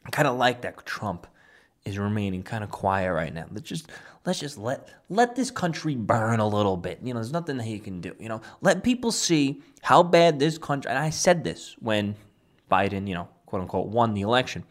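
A man hosting political commentary, excitable and emphatic, often rambling between points. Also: lowish voice, normal speed. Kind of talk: opinionated commentary.

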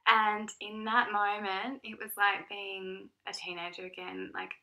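Storytelling woman in her 30s, gravelly. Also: mid-range voice, a little slow, lo-fi sound. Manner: frank storytelling, lively and animated. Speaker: podcast co-host. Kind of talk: casual chat.

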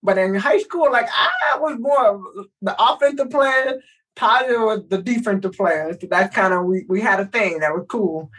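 Animated woman telling a story. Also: mid-range voice, normal speed, slightly rough, far from the mic, low-quality recording. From Texas. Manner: animated, acts out voices in her story. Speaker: guest. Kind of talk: casual storytelling.

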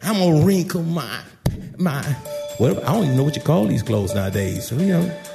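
A male pastor preaching a sermon in a church, shouting at times and dropping to quiet asides. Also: fairly high pitch, lively intonation, brisk, vocal fry, music in the background. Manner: preaching with shouts, swinging loud and soft.

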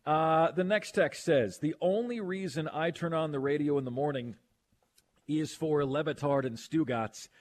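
A man hosting a sports radio show, chatting casually and reading listener texts aloud. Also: on the high side. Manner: animated, quick to protest, reads listener texts aloud.

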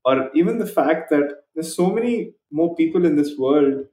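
A man hosting a podcast interview. He talks in a calm, reflective way, agrees readily and sums up his guest's points for listeners. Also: on the high side, moderate pace. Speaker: podcast host. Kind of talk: casual interview conversation. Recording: echoey room with faint music.

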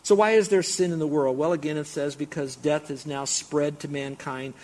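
A man's voice: on the high side, fairly even intonation, moderate pace, a little mellow. A middle-aged man preaching a sermon, explaining scripture with emphatic, repeated build-ups. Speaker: pastor.

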